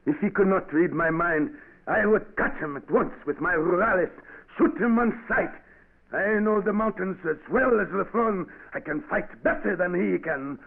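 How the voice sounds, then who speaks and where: A commanding former rebel chief turned governor, who barks orders and slips into French. It sounds like a narrow, tinny 1940s radio recording. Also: male voice, high-pitched, moderate pace, vocal fry. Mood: boastful. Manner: commanding, impatient, mixes in French words. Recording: tinny old radio broadcast.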